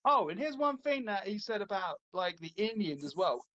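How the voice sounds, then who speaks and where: High-voiced man telling a long story. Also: big pitch swings, normal speed, pushed and bright, lo-fi sound. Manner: rambling storyteller, full of fillers like "like" and restarts. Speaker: podcast host. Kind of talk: casual chat, retelling a comedy bit.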